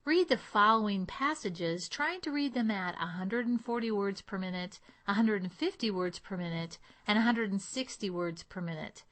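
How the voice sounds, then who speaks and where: A woman accent coach giving a clear, measured speech lesson. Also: medium pitch, fairly bright tone. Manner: clear, measured teaching delivery. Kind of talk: instructional lesson.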